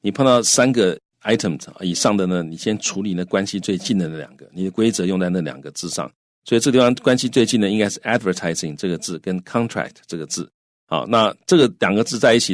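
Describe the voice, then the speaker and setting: Deep-voiced, fast-talking male co-host. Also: no echo, studio quality. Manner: recaps in Mandarin for listeners. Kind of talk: bilingual radio English lesson.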